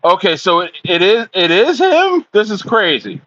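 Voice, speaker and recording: Young man, livestream chatter, excitable, rambling, slang-heavy, a bit high-pitched, dull lo-fi sound. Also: moderate pace. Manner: excitable, rambling, says "bro" and "dude" often. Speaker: crypto livestreamer. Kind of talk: casual livestream chat.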